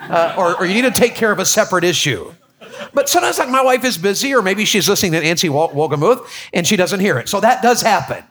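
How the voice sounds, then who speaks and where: Guy preaching in church, kinda high pitched, jokey and folksy, stumbles and repeats words. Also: lively intonation, fast talker, fairly bright tone. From Tennessee, USA. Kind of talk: sermon.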